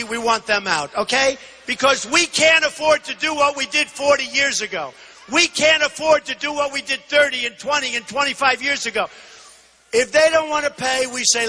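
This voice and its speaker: A man in his sixties giving an emphatic, repetitive campaign rally speech, often shouting. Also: very high-pitched, in a large hall, a little hiss or hum. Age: 60s. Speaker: political candidate. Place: large indoor arena.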